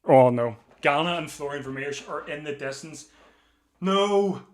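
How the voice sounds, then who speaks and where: Over a desk mic, a fairly high-pitched male livestream host calls a bike race during a watch-along, talking fast and breathlessly. As the finish nears he gets more excitable, repeating himself and rising to shouts.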